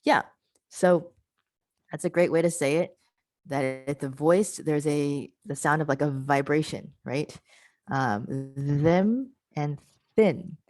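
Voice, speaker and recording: A woman's voice: deep voice, steady tone, unhurried, a little mellow, dry recording, poor audio. A woman presenting an online pronunciation workshop over a video call, patiently modelling and repeating example words and encouraging participants.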